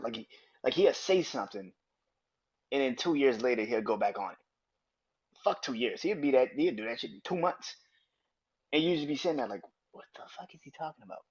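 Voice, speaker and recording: A man hosting a solo podcast, ranting in a profane, animated and emphatic way. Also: mid-range voice, dull audio. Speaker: podcast host. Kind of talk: opinionated solo podcast rant.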